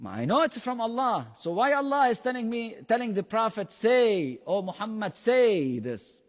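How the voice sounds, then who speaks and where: Higher-voiced man. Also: sing-song, moderate pace, big-room sound. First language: Arabic. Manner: quizzes the class with frequent questions; emphatic, mixes Arabic phrases into English. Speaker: Quran teacher. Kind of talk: Quran lesson to a live class.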